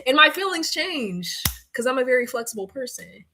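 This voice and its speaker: Young woman livestreamer, bright voice, tired and cursing freely. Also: high-pitched, sing-song, moderate pace. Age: young adult. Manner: blunt, profane, chatty and laughing. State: tired, sleepy. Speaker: livestreamer and tarot reader. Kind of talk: casual livestream chat.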